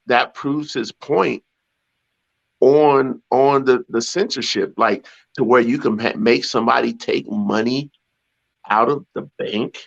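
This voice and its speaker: A man with a gravelly voice co-hosts a casual talk show. He speaks haltingly, repeating and restarting words as he works out his point. The recording sounds dull and lo-fi. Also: mid-range voice. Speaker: podcast co-host.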